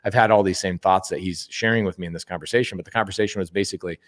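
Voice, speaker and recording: A man talking as a guest on a podcast, emphatic and animated, who acts out quoted speech and repeats words for emphasis. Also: deep voice, rapid-fire. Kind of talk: casual podcast conversation.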